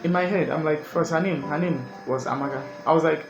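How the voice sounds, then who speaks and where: A young man telling a comic breakup story in an animated, exasperated, rambling way. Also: a little high, brisk, hardly any pauses. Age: young adult. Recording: echoey room, music behind.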